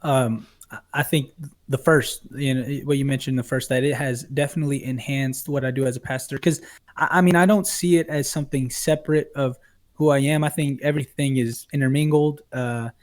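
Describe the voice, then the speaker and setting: A man's voice: medium pitch, steady tone, a little fast. A man who is a pastor and streamer, a guest on a casual podcast, explaining his views through an example story.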